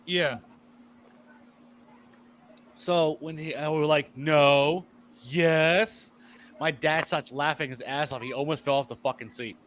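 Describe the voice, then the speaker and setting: A man's voice: fairly high pitch, steady tone, a little slow, pauses often, a bit bright, slight background noise. A man with a slightly raised voice hosts an easygoing chat. He tells crude family stories and laughs through them, loose and unfiltered. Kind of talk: casual chat.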